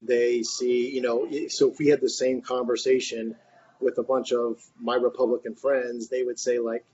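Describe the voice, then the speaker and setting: Man rambling in a group chat, pretty monotone, muffled audio w/ faint hiss. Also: mid-range voice, normal speed. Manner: rambling, many fillers and restarts. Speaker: discussion participant. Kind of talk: casual discussion remarks. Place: online reading group. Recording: muffled, faint background noise.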